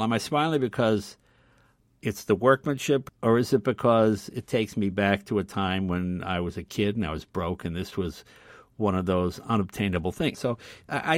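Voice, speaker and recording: An older man, a guest on an interview show, telling casual anecdotes in an animated way. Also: lowish voice, no room sound. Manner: animated, loud when acting out quotes.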